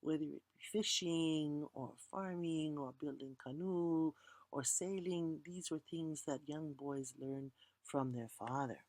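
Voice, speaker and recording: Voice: medium pitch, measured pace, a little mellow, dry recording. A teacher telling a legend as a lecture, reciting chant lines and then explaining them plainly, and inviting the audience to repeat words. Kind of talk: storytelling lecture.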